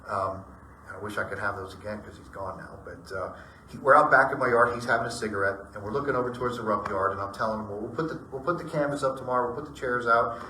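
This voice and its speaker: A middle-aged man with a mid-range voice rattles off personal ghost stories to a group, rambling casually and animatedly acting out what people said. He speaks fast and off-mic in an echoey room, with a distant pickup and a little hiss or hum.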